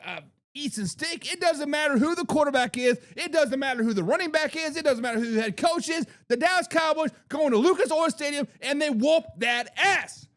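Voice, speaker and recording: Man, very high-pitched, trash-talking sports host, repeats lines for punch. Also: a bit bright. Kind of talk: animated sports predictions monologue.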